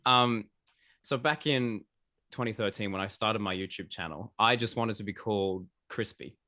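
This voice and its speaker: A man's voice: on the low side, moderate pace, sharp tone, no echo, clean studio sound. A young Australian man with an Australian accent, a laid-back, slangy podcast guest in casual chat.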